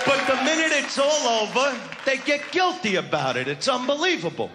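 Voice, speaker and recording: A man's voice: very high-pitched, big pitch swings, moderate pace, few pauses. A male stand-up comedian with a brash, crude, swaggering delivery, on stage before a live audience. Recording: live show with loud crowd laughter and noise.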